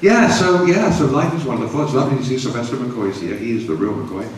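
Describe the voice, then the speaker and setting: A man's voice: medium pitch, fast. A man, a guest actor telling self-mocking jokes and answering fan questions, laughing at his own stuff. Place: large event hall in a hotel. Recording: echoey hall from far off with audience.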